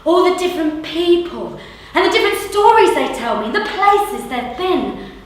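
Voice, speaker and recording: A woman's voice: extremely high pitch, very animated, normal speed. A woman playing a chatty, cheerful London street seller in a theatre monologue, telling a story and mimicking the voices of others, with a London accent. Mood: lively. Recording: echoey hall from far off.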